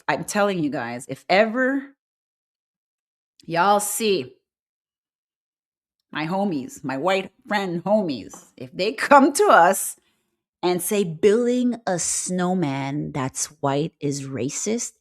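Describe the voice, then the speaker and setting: A woman's voice: medium pitch, lively intonation, slow pace. A woman hosting an online talk show, ranting bluntly and animatedly in casual chat with her live viewers. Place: lives in Quebec, Canada.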